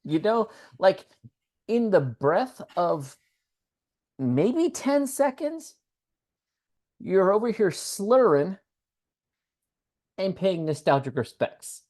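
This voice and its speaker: A woman co-hosting a casual podcast, chatting about a TV show in loose slang with plenty of swearing. Her voice bounces widely in pitch, and she breaks into laughter between thoughts. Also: big pitch swings, slow pace, pauses often, darkish tone. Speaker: podcast co-host. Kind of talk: casual chat recapping a TV show.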